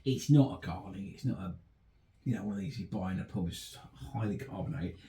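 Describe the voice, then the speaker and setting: A man from England in a jokey, animated casual chat, tasting and rating beers in a home pub shed. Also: low-pitched, brisk, recorded from a distance. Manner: jokey, animated, easily amused. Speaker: co-host and beer taster. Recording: echoey room with faint hiss.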